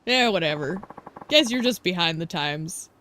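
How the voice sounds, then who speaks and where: A woman voicing a stoic, gruff middle-aged male ex-yakuza, reading his lines in a lowered voice with a curt, dry delivery. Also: expressive, moderate pace, sharp tone, a little hiss or hum.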